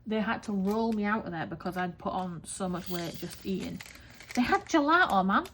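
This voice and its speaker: A woman with an English accent, chatting rambling and animated in a casual vlog monologue, swearing freely. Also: fairly low pitch, fairly quick, a little hiss or hum. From England. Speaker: craft vlogger.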